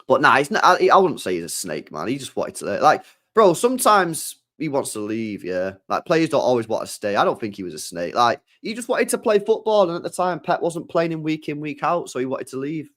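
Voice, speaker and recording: A man's voice: a little high, a little fast, few pauses. Slangy young man chatting football. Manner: slangy, rambling, animated asides. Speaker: football channel host. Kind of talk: casual livestream chat.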